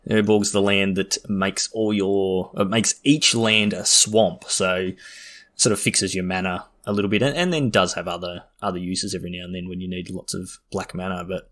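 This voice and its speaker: A man co-hosting a casual podcast about a trading card game, easygoing and quick to laugh. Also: deep voice, steady tone, fairly bright tone. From Australia or New Zealand. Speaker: podcast co-host.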